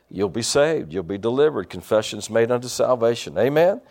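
A man's voice: medium pitch, normal speed, hardly any pauses. A man preaching a sermon, telling personal stories and punctuating them with amens and hallelujahs. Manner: animated storytelling with frequent amens and hallelujahs.

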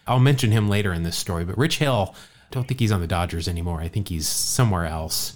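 A man's voice: low-pitched, quick pace. A man co-hosting a casual podcast, telling a jokey baseball story, often stumbling and repeating words.

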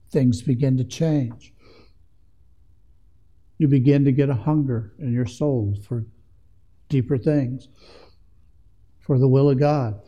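A man's voice: medium pitch, mellow. A man preaching a sermon in an earnest way that builds to emphatic passages.

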